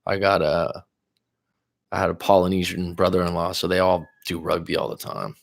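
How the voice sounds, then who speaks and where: A man's voice: low-pitched, steady tone, normal speed, gravelly. A man from California, hosting a casual live stream as a relationship coach, reading viewer comments aloud and answering them in a loose, rambling way. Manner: loose, rambling, with fillers and restarts.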